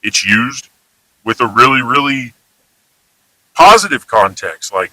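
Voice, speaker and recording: A man's voice: mid-range voice, sing-song, a little slow, pauses often, sharp tone, no echo, rough recording. A man from Houston with a Texan accent, talking in an emphatic, rambling, casually profane monologue. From Houston, Texas. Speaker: vlogger.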